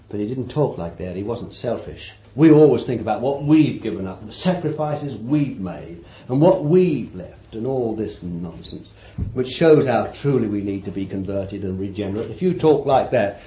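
A man preaching a sermon, swinging from loud declarations to hushed asides and repeating phrases for emphasis. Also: medium pitch. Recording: roomy, dull old sermon tape.

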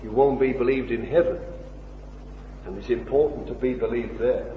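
A man preaching a sermon, impassioned, with rhetorical questions, swinging between loud and hushed. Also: mid-range voice, fairly even intonation, moderate pace, slight background noise. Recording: dull old recording in an echoey hall.

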